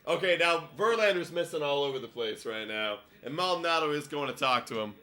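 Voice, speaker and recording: A man's voice: a little high, lively intonation, a little fast, bright, forceful tone. A young man hosting a podcast, chatty and rambling as he gives live play-by-play reaction to a ballgame. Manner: chatty, rambling, laughs often. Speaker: podcast host.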